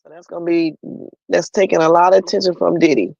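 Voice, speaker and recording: A man's voice: on the high side, fairly even intonation, quick pace, creaky, darkish tone, no echo, lo-fi sound. A man hosting a livestream, giving chatty, opinionated commentary on the news and talking straight to his viewers. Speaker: livestream host.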